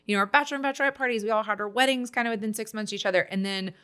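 A woman, telling a personal story as a podcast guest, candid and animated with many fillers. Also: medium pitch, racing.

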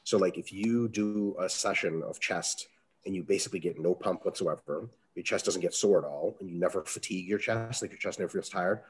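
Fast-talking husky man coaching. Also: sits low. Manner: profane, animated, acts out quoted dialogue. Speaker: strength coach. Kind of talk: casual interview answers.

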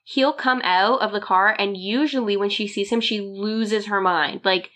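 A woman's voice: mid-range voice, normal speed, a bit bright. A woman chatting casually and laughing, telling stories about her dog and voicing its thoughts. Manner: chatty, giggly, voices her dog's thoughts. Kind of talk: casual chat.

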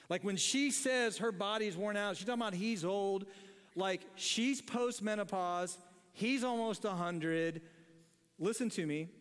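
A man's voice: high voice, fairly bright tone, in a large hall. A man preaching a sermon as pastor in a church, in a casual, joking way, often laughing at his own lines. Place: church sanctuary.

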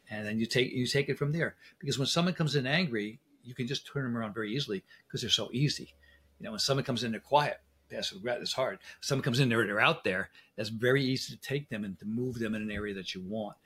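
Middle-aged man, husky voice, mid pitch; chatty interview guest who acts out little exchanges while telling stories. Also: fast talker, a bit bright. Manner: anecdotal, speaks in quoted exchanges. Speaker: guest, dental implant specialist. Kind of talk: casual interview talk.

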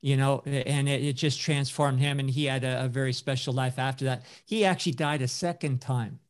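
A man's voice: medium pitch, fairly even intonation, a little fast. A man, older, telling a story in a casual talk, rambling with many fillers and restarts.

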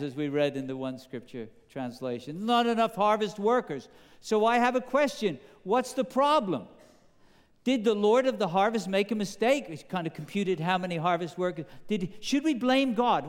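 A man preaching a sermon, posing questions to the congregation in an animated, emphatic way. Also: high voice, in a large hall. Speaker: pastor.

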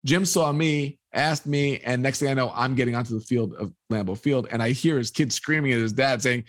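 A man recounting a story as an interview guest, mid-pitched and close to the mic in a dry space. He tells it with energy and slips into the voices of the people he quotes. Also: brisk, few pauses, no room sound. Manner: animated, acts out quoted dialogue. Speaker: sports photographer, interview guest. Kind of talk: storytelling anecdote.

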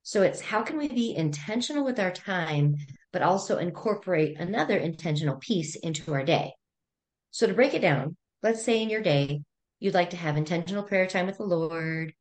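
A middle-aged woman speaking as a therapist guest on a podcast, calm and gently instructive as she walks through breathing exercises. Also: fairly low pitch, normal speed. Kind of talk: conversational podcast interview.

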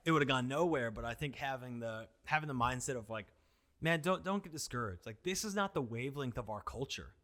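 Speaking briskly in a medium pitch, this male pastor tells stories in a relaxed conversation about reaching out from the church. His delivery is filler-heavy, packed with "like" and "you know," and he animatedly performs the quotes he relays.

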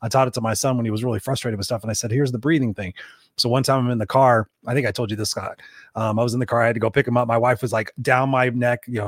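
A man's voice: mid-range voice, steady tone, racing, no room sound, studio quality. A man co-hosting a podcast, chatting casually, telling rambling personal stories with a bit of swearing. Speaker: podcast co-host and coach.

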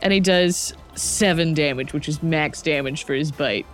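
A woman narrating a tabletop game as game master, unhurried and often laughing. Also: low voice. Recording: faint music underneath.

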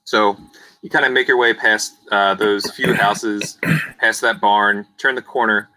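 A man narrating a tabletop game as game master in a relaxed, joking way. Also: on the low side, measured pace, rough recording.

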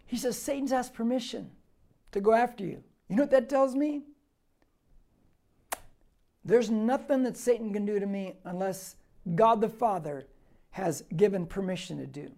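Male pastor, mellow tone, casual verse-by-verse preaching, emphatic with hushed slow beats. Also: sits high. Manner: conversational, emphatic, slows and drops to near whisper for key points; clears throat often, frequent restarts. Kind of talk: verse-by-verse Bible teaching sermon.

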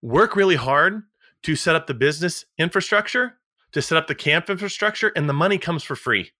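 Emphatic, motivational man, bright dry voice. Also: on the high side, expressive, a little fast, no echo. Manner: emphatic, motivational, repeats key phrases; a little sarcastic. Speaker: podcast co-host. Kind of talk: casual podcast chat.

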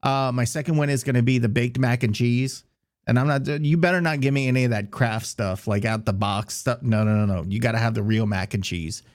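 A man's voice: medium pitch, fairly quick. A young man co-hosting a casual sports podcast who teases and gives his opinions bluntly. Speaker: podcast co-host.

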